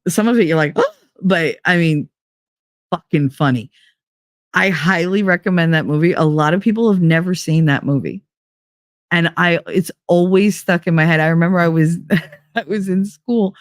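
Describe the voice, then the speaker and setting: A woman's voice: sits low, no room sound, studio quality. A woman hosting a podcast in a rambling, chatty way, laughing often and swearing casually. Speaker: podcast host. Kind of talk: casual chat.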